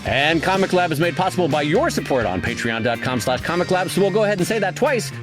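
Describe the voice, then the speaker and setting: Animated male podcast co-host, high and lively. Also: fast, music in the background. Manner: animated, laughing, self-mocking. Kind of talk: casual comedy podcast chat.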